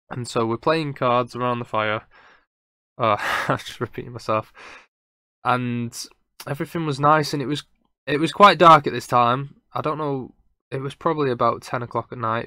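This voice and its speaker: Bright, rambling storyteller guy. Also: mid-range voice, fairly even intonation, moderate pace, dry recording, studio quality. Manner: rambling, self-correcting, chatty. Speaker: podcast host. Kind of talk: casual storytelling.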